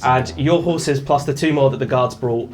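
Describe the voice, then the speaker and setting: A man's voice: medium pitch, over music. A man narrating as game master of a tabletop role-playing game, describing scenes and voicing characters. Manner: unhurried descriptive narration, drops into character voices.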